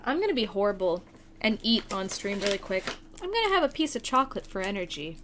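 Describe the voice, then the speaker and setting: A woman's voice: medium pitch, sing-song, quick pace, fairly bright tone, slight background noise. A young woman streaming a video game late at night, chatting casually with a playful, self-deprecating manner.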